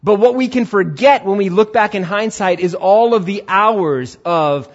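A male pastor gives an animated sermon and acts out the people he quotes. His voice sits fairly high for a man. The recording sounds dull and lo-fi. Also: moderate pace, hardly any pauses.

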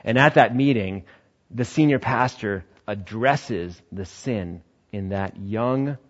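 A man in the pastor role preaching a sermon in an animated way, sometimes acting out other voices. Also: slow pace, lo-fi sound. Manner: animated, acts out quoted voices with high shouts and laughs.

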